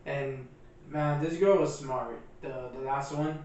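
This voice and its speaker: A man's voice: medium pitch, slow pace, darkish tone, recorded from a distance, a little hiss or hum. Laid-back slangy man in an echoey room. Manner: laid-back slangy, says "bro" a lot. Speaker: podcast co-host. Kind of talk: casual movie review chat.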